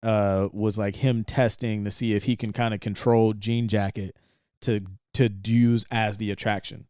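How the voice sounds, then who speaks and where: A man's voice: fairly low pitch, normal speed, clear, resonant tone, no echo, studio quality. A young man co-hosting a podcast, rambling through a film scene in a casual chat and acting out the characters' lines. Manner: rambling, animated retelling with quoted lines. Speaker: podcast co-host.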